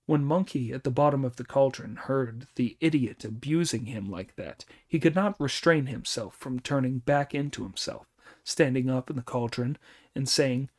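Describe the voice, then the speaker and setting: A man narrating an audiobook of a classic tale in a measured, even reading. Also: medium pitch. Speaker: audiobook reader.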